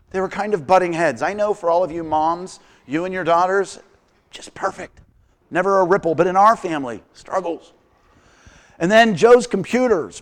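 A middle-aged man preaching a sermon as pastor, animated and humorous, acting out quotes as he tells stories. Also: high-pitched.

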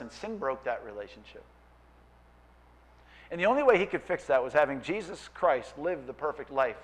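Lively, animated male pastor. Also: a little high. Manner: animated, playful, acts out voices of people and biblical figures. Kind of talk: sermon.

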